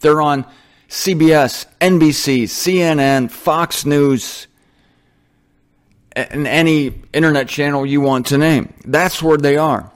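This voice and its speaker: A middle-aged man giving informal Bible teaching, animated and self-mocking, often wandering off on tangents. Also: a little high, slow pace.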